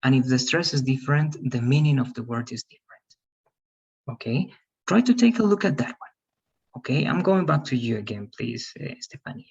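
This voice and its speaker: Guy teaching english online, kinda raspy, dull lo-fi sound, keeps saying okay and right. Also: medium pitch, expressive, a little fast, darkish tone. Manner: patient, repeats okay and right, calls on students by name.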